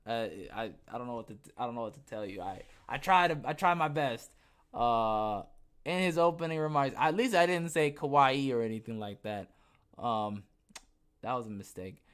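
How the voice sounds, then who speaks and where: A man's voice: medium pitch, animated, normal speed, fairly bright tone, clean tone. A young man hosts a podcast and talks through news items in a casual, mid-range voice. He reads a line, then breaks off into sarcastic remarks. He stumbles over his words, restarts and fills the gaps with "uh" and "um". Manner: sarcastic asides, frequent fillers and restarts. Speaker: podcast host. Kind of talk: casual commentary reading news aloud.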